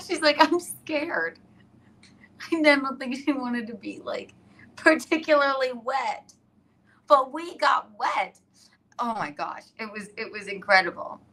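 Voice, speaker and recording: A woman hosting a casual live stream from her iPad, telling stories in an excitable, rambling way and laughing often. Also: high-pitched, measured pace.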